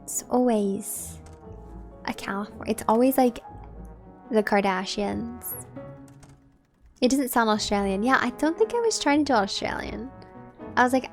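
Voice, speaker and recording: A woman's voice: on the high side, lively intonation, a little slow, long pauses, faint music behind. A woman live-streaming a game, chatting casually and directly with her viewers. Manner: chatty, talks straight to her chat.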